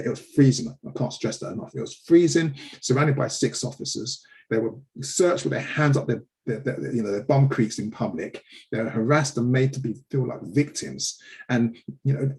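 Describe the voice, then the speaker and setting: A man's voice: mid-range voice, vocal fry, a little mellow, rough recording. A man in his forties, a live show host, telling a personal story with passion and frequent restarts when upset. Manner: impassioned, repeats words when upset.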